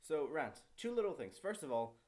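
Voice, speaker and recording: A young man from Morocco, raised in Brazil and Paris, ranting casually on his vlog as a student pilot, chatty and quick with frequent self-corrections. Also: on the high side, very animated, a little mellow. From born in Morocco, raised in Brazil and Paris. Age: young adult.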